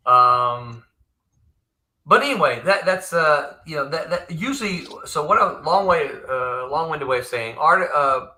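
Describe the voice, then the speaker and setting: A man hosting a casual live-stream chat, an animated storyteller who laughs often and restarts his sentences. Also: on the high side, unhurried. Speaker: host, former comics editor.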